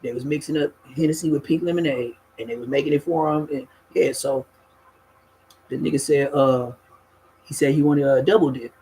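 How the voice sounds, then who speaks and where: A man telling a street story in a casual, animated, profane way, often laughing and acting out other people. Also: on the high side, moderate pace, slight background noise, poor audio.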